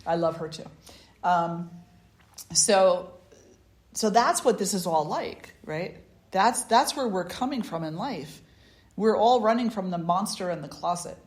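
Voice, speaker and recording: A woman's voice: on the low side, expressive, unhurried, a little mellow. A woman spiritual teacher telling a personal story at a gathering, in a conversational way with many restarts and asides. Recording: echoey room.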